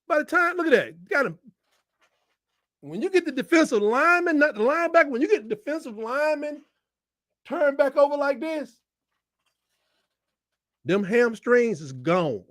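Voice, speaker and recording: A man hosting a live football watch-along, shouting at big plays and talking in casual slang. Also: extremely high pitch, sing-song, normal speed, long pauses, no room sound, studio quality. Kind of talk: excited game-watch commentary.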